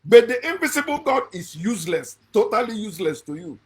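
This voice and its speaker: A man's voice: sits high, big pitch swings, a little fast. A man giving a blunt, preachy monologue, repeating phrases for emphasis. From Nigeria. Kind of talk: impassioned monologue.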